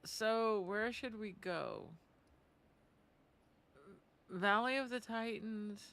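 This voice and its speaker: A bright, ringing woman's voice in relaxed stream chatter. She talks loosely while playing and slips into quoted voices when she retells a story. Her pitch sits in the middle range for a woman. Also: very slow, vocal fry. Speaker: game streamer. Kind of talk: casual gaming stream chat.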